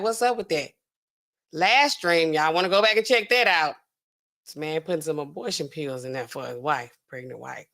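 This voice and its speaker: A woman hosting a livestream in casual commentary, animated and laughing, acting out quotes in exaggerated voices. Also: mid-range voice. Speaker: pharmacist livestream host.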